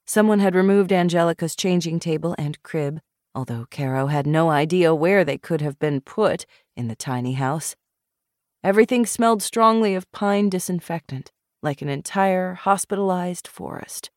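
A woman reading a novel aloud in measured, expressive scripted narration. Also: on the low side, no echo, studio quality. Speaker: audiobook narrator.

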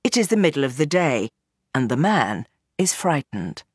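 A woman narrating a novel as an audiobook in an expressive, dramatic reading. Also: deep voice, moderate pace, breathy edge, dry recording, studio quality. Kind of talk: scripted narration.

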